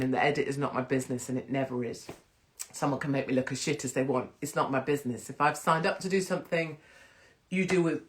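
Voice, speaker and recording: A middle-aged woman chatting candidly to camera, blunt and rambling, swearing freely. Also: low voice. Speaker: vlogger.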